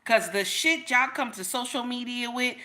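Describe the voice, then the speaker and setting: Middle-aged woman livestream host, bright voice, emphatic and repetitive. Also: on the high side, moderate pace. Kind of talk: casual livestream commentary.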